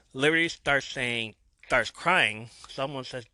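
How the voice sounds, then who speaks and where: A low, bright-toned man recaps a show episode for his podcast in a lively storytelling manner. He slips into light versions of the quoted lines as he goes. The sound is close and dry. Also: moderate pace, no room sound. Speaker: podcast host.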